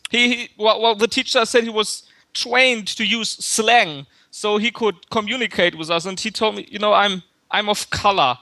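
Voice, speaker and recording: A man's voice: high-pitched, vocal fry, sharp tone, dry recording. A man calling in to a chat show, stammering and repeating his words as he talks. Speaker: caller. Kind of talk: call-in chat.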